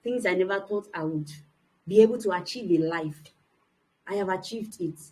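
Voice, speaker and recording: A woman's voice: on the low side, moderate pace, mellow, poor audio. A young adult woman, a motivational speaker, giving an earnest, emphatic personal testimony to young people.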